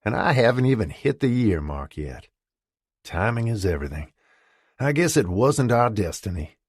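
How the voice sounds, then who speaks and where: A man's voice: on the low side, sing-song, moderate pace, husky, dry recording, studio quality, voice pushed up. A man doing a drawling Southern charmer. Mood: teasing. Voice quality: elegant drawl. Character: charming American man from the South, teasing friend.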